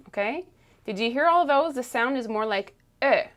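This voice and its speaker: A woman's voice: medium pitch, moderate pace. A woman teaching French pronunciation, explaining patiently and checking in with "okay?" after each point. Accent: Canadian French. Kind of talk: pronunciation lesson.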